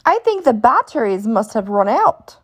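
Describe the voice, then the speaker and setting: A woman reading a storybook aloud, voicing a kind, gentle mother pig who talks in a soothing, reassuring way. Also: on the high side, big pitch swings, moderate pace.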